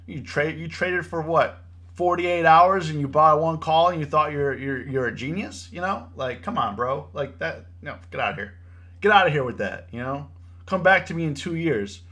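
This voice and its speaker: A man's voice: fairly high pitch, normal speed. A young man hosting a live trading stream, talking casually and getting worked up as he lectures, repeating himself a lot. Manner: animated, preachy, repeats himself, says "bro" and "you know". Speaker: livestream trading host. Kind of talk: casual livestream commentary.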